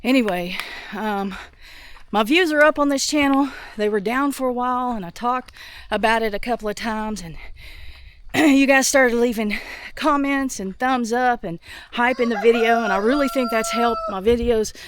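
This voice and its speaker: A woman vlogging outdoors on her farm while doing chores, sick and a little out of breath, thinking out loud with many restarts. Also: a little high, normal speed. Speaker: homestead vlogger.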